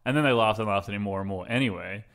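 Young Australian male podcast host, rapid casual rambling, lowish voice. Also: a bit bright. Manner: rambling storyteller, lots of "like", playful voices.

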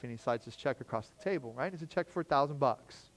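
Male pastor, higher-pitched voice, relaxed storytelling sermon, acts out quotes in conversation. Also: quick pace. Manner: storytelling with lively acted quotes, casual slang. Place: church.

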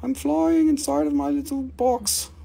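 A man's voice: very high-pitched, fairly even intonation, a little slow, creaky, dark tone, pitched above the performer's own voice, full character voice. A man voicing a tiny, cheerful pyrite cube that flies inside its quartz box. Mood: playful.

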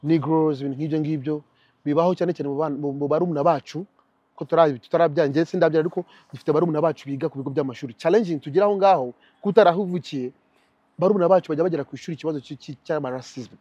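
Young man, high voice, husky, animated, from Rwanda. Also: rapid-fire, no room sound, lo-fi sound. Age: young adult. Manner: animated, switches into mimicked English voices. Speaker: interview guest. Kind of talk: casual interview.

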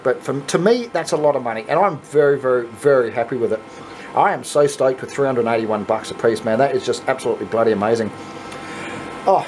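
A man with an Australian accent who hosts his own channel, chatting casually and excitably to viewers, laughing often and swearing freely. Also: a little high, slight background noise, poor audio. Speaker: channel host. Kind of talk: casual video chat to viewers.

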